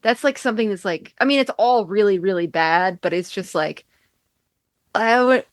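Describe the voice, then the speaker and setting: A woman's voice: mid-range voice, moderate pace, no echo. A woman musician, a guest in a casual podcast chat, talking in a rambling way and filling her sentences with "like". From United States. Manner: rambling, heavy use of "like". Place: home in upstate New York.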